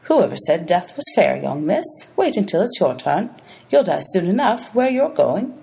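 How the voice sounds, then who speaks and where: A woman's voice: fairly low pitch, very animated, moderate pace, gravelly, warm tone, slightly rough, pitched above the performer's own voice, exaggerated voice. A woman reading aloud, voicing a greedy ancient male ferryman of the dead who grumbles and haggles. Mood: scornful. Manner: grumbling, sly, money-hungry.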